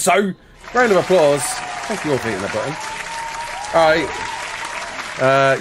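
A man's voice: fairly high pitch, very animated, moderate pace, pauses often, fairly bright tone, some chatter behind, slight background noise. A man streaming a game live, chatting and joking with viewers, laughing often, on a headset mic. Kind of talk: live gameplay chat.

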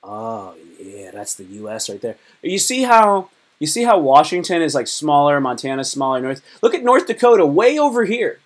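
A man's voice: fairly high pitch, sing-song, normal speed, few pauses. A man from Virginia chatting casually on a live stream, joking and rambling in a loose, slangy way. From Virginia, United States.

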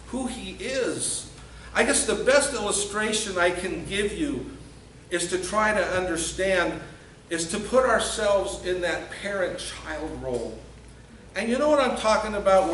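A man preaches in a high voice, taking his time and leaning hard on key words as he acts out quoted lines. He sounds a bit far from the mic, in an echoey church with faint background noise. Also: a bit bright. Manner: earnest, emphatic preaching with acted-out quotes. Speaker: pastor. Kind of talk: sermon. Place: church sanctuary.

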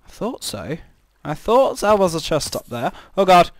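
A man's voice: sits high, very animated, moderate pace, no echo, clean studio sound. A man giving rambling, chatty commentary while playing a game, breaking into startled exclamations. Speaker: gamer. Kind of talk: casual gameplay commentary.

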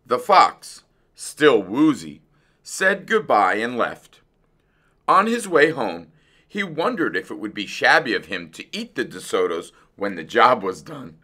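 A man reading a children's picture book aloud in an expressive, unhurried storytelling voice. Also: medium pitch.

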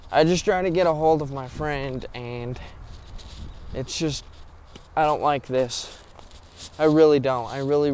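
A nervous young man speaks slowly to his audience, rambling and swearing, a little out of breath. He is outdoors at night, with faint background noise around him. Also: fairly high pitch, a little mellow. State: short of breath. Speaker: paranormal vlogger. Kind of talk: casual vlog talk to camera.

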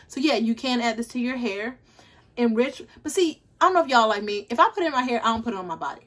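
A woman chatting casually to viewers in a beauty haul vlog, animated and talkative. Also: on the high side, fast. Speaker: beauty vlogger. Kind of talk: casual haul video chat. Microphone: ring light setup, camera at desk.

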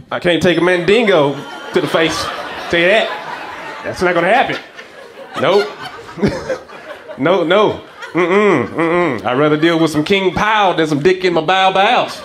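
A man doing a stand-up comedy set onstage, telling stories with lively character voices. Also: high-pitched, slight background noise. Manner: animated storytelling, acts out characters. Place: comedy stage before a live audience.

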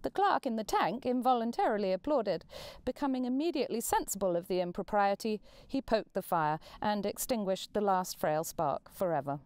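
A woman volunteer reading a classic novel aloud with expressive, measured narration. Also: medium pitch, smooth, no echo. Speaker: volunteer reader.

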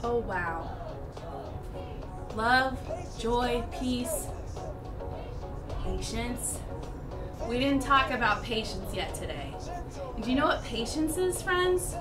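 A woman leads a children's church lesson in a high, animated voice that swings up and down, acting out little scenes of frustration in a playful way. She takes her time, and she sounds a little distant from the mic while clear music plays behind her. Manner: lively, exaggerated storytelling, acting out frustration.

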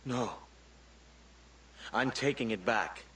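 Steady pirate captain, kinda distant, low hum behind. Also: male voice, slow. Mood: firm. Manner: firm, earnest. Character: determined pirate captain confronting a foe. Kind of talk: video game cutscene acting.

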